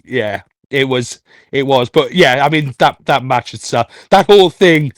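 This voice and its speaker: A man's voice: medium pitch, measured pace, dry recording. A man co-hosting a podcast, chatting casually and laughing often at his own jokes. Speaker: podcast co-host. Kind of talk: casual chat.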